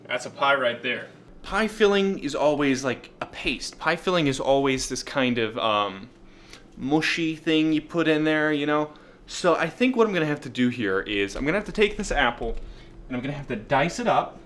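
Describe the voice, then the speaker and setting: A man with a mid-range, slightly bright voice narrates a cooking vlog, hyping up the strange dishes he makes in a playful, mock-earnest way that talks up bad food.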